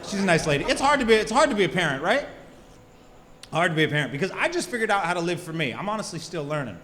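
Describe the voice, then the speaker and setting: Stand-up guy, 30s, high voice, crude jokes, laughing crowd, reverby club. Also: very animated, fast, sharp tone, slight background noise. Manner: crude, self-mocking, chatty with the crowd. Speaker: stand-up comedian. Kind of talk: stand-up set. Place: comedy club stage. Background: audience laughter.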